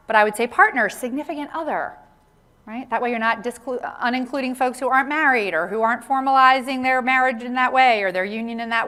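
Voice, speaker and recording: A woman giving an interactive conference talk on workplace inclusion, animated and often checking in with the audience with a quick "right?". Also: on the high side. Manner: animated, tags lines with "right?" to engage the audience. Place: conference session room.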